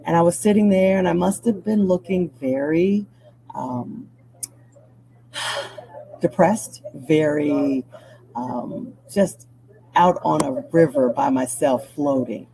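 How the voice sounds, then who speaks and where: A middle-aged woman from Chicago, a news anchor, telling a personal story as an interview guest in a reflective, animated way. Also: low-pitched, slow, creaky, pauses often, slight background noise, rough recording. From Chicago, USA.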